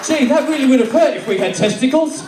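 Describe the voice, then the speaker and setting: A man's voice: extremely high pitch, expressive, fast, heavy background noise. A man doing stand-up comedy, playful and acting out characters, laughing often, recorded live from a club stage. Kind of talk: stand-up comedy sketch with audience. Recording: roomy live venue from far off, crowd. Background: audience laughter.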